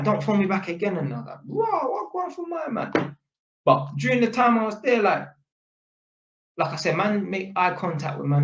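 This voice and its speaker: A man's voice: fairly high pitch, muffled recording. A young man, an electrician, casually telling a work story from his home, full of slang and tag questions. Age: young adult. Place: home, sitting at a small table. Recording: echoey room.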